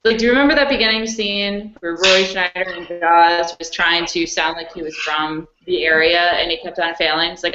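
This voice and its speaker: A woman's voice: on the low side, steady tone, moderate pace, hardly any pauses, pushed and bright, slight background noise. A woman hosting a casual podcast over a video call, chatty and rambling, often laughing. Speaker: podcast host. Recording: echoey, dull video-call audio.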